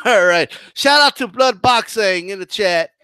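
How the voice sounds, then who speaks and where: Man streamer, lively and bright-toned, unhurried mocking rant, dry close sound. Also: high-pitched, clean tone, no echo. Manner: animated, mocking, combative rant with restarts. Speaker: boxing commentary channel host. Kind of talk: live-stream commentary reading chat.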